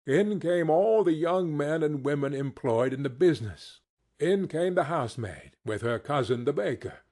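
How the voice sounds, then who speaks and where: A man narrating a classic novel as an expressive audiobook reading. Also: on the high side, moderate pace. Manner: expressive, storytelling. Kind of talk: scripted narration.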